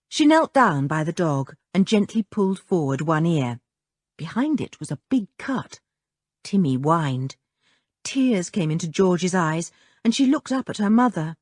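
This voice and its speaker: A woman reading a children's novel aloud as an audiobook narrator, with expressive storytelling. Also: lowish voice, measured pace, breathy edge, dry recording, studio quality.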